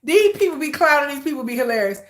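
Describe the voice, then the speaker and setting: A woman hosting a live stream, chatting casually and gossipy, animated, often bursting into laughter and shrieks. She talks straight to her viewers, calling them "girl.". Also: high-pitched, fast talker. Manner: animated, laughing, shrieks and squeals names at the screen. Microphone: phone or camera on a tripod.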